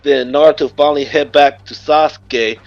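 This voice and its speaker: A man's voice: a little high, fairly even intonation, moderate pace, gravelly. A man casually narrating a fan-made story in a loose, chuckling way, on a muffled recording. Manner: loose, chuckling, with many restarts. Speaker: guest storyteller.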